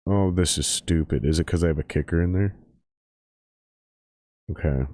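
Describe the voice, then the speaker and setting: A man's voice: low-pitched, normal speed, dark tone, dry recording. A man hosting a casual show, swearing and grumbling to himself in exasperation as he drinks. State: drinking while talking. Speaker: podcast host. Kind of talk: casual profane rant and phone chat.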